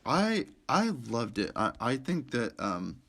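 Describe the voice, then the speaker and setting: A young man co-hosting a podcast, chatting casually and excitedly about movies, rambling and laughing often. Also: medium pitch, takes it slowly. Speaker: podcast co-host.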